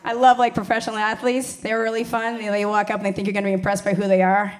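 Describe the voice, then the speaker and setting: A woman's voice: mid-range voice, flat delivery, fast. A woman in her forties doing a blunt, profane stand-up comedy set.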